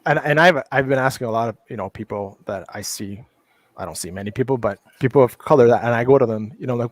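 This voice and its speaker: A man's voice: mid-range voice, fast, no room sound. A middle-aged man talks through a casual panel chat, getting heated and swearing freely. He keeps restarting his sentences. His voice sits mid-range and sounds dry and close. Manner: heated, profane, many restarts.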